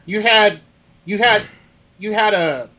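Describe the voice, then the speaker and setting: Male co-host, relaxed, slightly higher voice, casual chat. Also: takes it slowly, highs cut off. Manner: laid-back, reads sponsor plug loosely. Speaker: podcast co-host.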